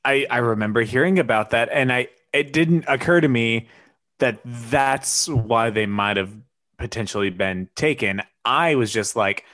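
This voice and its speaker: A man co-hosting a casual comedic chat, talking expressively with halting restarts. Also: medium pitch, fairly bright tone.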